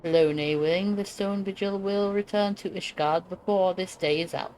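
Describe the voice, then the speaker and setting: A woman's voice: fairly low pitch, fairly even intonation, normal speed, a little mellow, a little hiss or hum, pitched above the performer's own voice, natural voice, low-quality recording. A woman doing an eager rallying knight. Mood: rousing. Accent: put-on British. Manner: theatrical, rousing reading of game dialogue.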